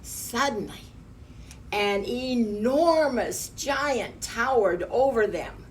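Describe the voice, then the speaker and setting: A woman reads a children's picture book aloud at an unhurried pace, pausing to point at the pictures. Her voice is recorded from some distance off the mic, with a faint hum underneath. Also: a little high, animated. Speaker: storyteller.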